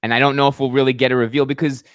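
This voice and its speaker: A man's voice: medium pitch, level tone, racing, no room sound, studio quality. A man co-hosting a podcast in casual chat, musing and asking questions that trail off. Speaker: podcast co-host.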